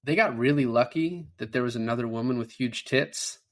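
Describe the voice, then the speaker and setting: A podcast co-host with a mid-range voice talks a little fast as he casually reviews a movie. He swears freely and acts out lines from its scenes.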